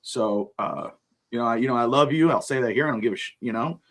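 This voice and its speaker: A man's voice: mid-range voice, fast talker. A man co-hosting a podcast, talking in a rambling, emotional way with swearing and frequent laughter. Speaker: podcast co-host. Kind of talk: casual chat.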